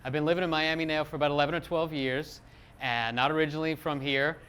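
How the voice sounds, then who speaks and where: A middle-aged man giving a live talk as a psychologist, lively and self-deprecating, acting out little quotes. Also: fairly high pitch, fast talker, clear, resonant tone.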